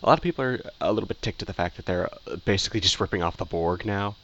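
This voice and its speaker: A man with a low, deep voice talks through his opinions in a loose, rambling way. He circles back to the same phrases and fills the gaps with ums and uhs as he reviews. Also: rapid-fire, fairly bright tone, lo-fi sound. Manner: rambling, repeats himself, many fillers and restarts. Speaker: video reviewer.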